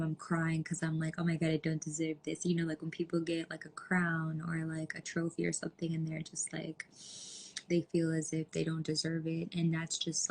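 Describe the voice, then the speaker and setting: Low, gravelly-voiced young woman chatting. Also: darkish tone. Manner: rambling, lots of "like" fillers. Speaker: podcast host. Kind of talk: casual podcast chat.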